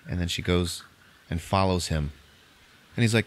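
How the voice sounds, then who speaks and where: A man with a slightly low voice hosts a casual movie podcast and retells a film scene by scene. He drops into quick impressions of the characters and laughs often as he goes. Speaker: podcast host.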